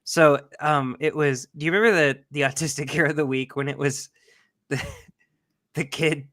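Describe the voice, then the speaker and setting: A man in his thirties co-hosting a casual chat, an animated storyteller who laughs often. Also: on the high side, moderate pace, no echo, studio quality. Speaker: podcast co-host.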